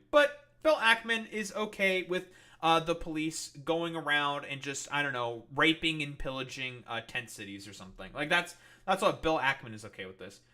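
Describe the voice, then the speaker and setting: A man's voice: a little high, bright, forceful tone. A young man doing live-stream commentary, ranting in an exasperated, profane way with mocking, sarcastic asides.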